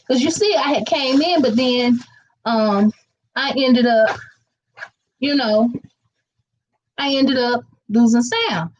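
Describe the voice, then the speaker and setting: A woman's voice: a little high, a little slow, long pauses, dull audio. A chatty woman, rambling casually to viewers while she cooks in her kitchen. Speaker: vlogger cooking live. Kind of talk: casual live-stream chat. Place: home kitchen.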